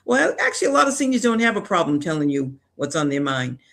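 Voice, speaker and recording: Male health guest, earnest and practical, a bit higher-pitched. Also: very animated, quick pace, creaky, fairly bright tone. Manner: earnest advice, light laughs. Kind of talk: casual health discussion.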